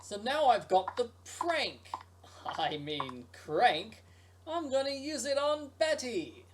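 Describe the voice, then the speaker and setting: A man's voice: very high-pitched, very animated, takes it slowly, a little hiss or hum. Playful man streaming a mystery game. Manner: playful, jokey, breaks into silly sung rhymes. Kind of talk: let's play commentary. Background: game music.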